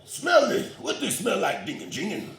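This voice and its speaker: A man performs a full character voice pitched higher than his own, bright-toned with huge pitch swings at normal speed. He plays a sly, scheming pastor who toys with his followers, sounding smug and wheedling in an echoey room.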